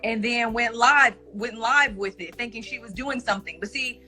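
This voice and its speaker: A woman's voice: on the high side, normal speed, music in the background. A woman on a live stream, speaking in an assertive, emphatic way and lecturing her viewers. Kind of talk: casual chat on a social media live stream.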